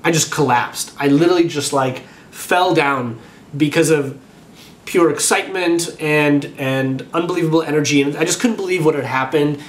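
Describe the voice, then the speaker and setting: A man commenting casually on a video of his own performance, acting out what he was thinking at the time. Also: fairly high pitch. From Orlando-based. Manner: animated, acts out his own inner thoughts. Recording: echoey room.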